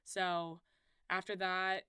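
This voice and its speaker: A woman's voice: fairly low pitch, level tone, slow, sharp tone, clean tone, no room sound. A woman in her twenties chatting casually as a podcast guest, telling a story and acting out quoted lines. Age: 20s. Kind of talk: casual chat. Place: podcast studio.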